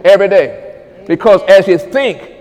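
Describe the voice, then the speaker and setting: Male preacher, high voice, swings from hushed murmurs to shouted commands, long hall echo. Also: lively intonation, moderate pace. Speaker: pastor. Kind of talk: charismatic sermon.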